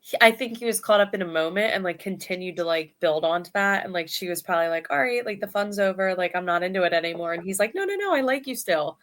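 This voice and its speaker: A woman's voice: on the low side, fast talker. A woman in her thirties hosting a podcast, chatting casually about reality television with many "like" fillers. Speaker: podcast host. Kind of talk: casual chat.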